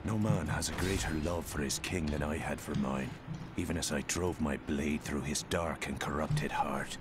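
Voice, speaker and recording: A man's voice: very deep voice, normal speed, music in the background. An actor playing a cursed former army captain, telling his story in a grave, solemn game lore recording. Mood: grim. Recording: game audio under loud noise.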